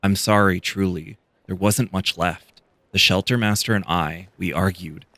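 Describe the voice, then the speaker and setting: A man voicing a kindly male priest and healer in a video game, reading his lines in a soft, consoling way. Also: low-pitched, steady tone, measured pace, no room sound, full character voice. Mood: gentle. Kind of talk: reading game dialogue aloud.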